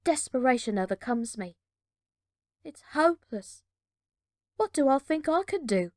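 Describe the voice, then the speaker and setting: A woman reading a children's adventure storybook aloud with measured, dramatic narration. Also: high voice, lively intonation, a little mellow, no echo, studio quality.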